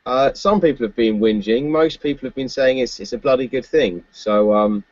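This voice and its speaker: Man, podcast co-host, casual political chat, laughs a lot, mid pitch, muffled, dry close recording. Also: moderate pace, no room sound. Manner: chatty, laughs often, many fillers.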